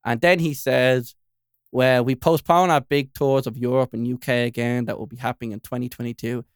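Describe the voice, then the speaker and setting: A man, chatting casually as a podcast co-host. His voice is smooth and clear, and he wanders through his points, recorded close and dry with no room sound. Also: mid-range voice, fairly even intonation, normal speed, no echo. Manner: rambling, peppered with "you know what I mean". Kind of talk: casual chat.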